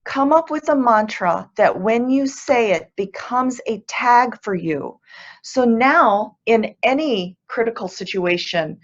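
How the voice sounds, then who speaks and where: A woman's voice: fairly high pitch, animated, slow pace, highs cut off. A woman speaking as guest speaker in a webinar, earnest and upbeat, walking through numbered tips. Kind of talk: motivational webinar talk.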